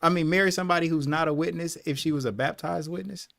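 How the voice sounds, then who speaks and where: A man co-hosting a podcast, asking questions in a halting way with restarts. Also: fairly high pitch, steady tone, gravelly, fairly bright tone, dry recording, clean studio sound. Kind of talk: casual interview questions.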